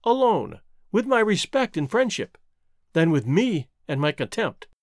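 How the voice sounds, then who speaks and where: A man's voice: sits high, very animated, measured pace, no room sound, studio quality, heavily acted. A man voicing a proud, torn young woman in an audiobook, speaking earnestly. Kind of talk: audiobook character reading.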